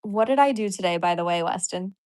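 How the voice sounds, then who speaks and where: Brisk and a little mellow at a medium pitch, a woman comedian-podcaster chats on a livestream about incoming donations. She laughs often, apologizes, and gushes giddy thanks to the people watching.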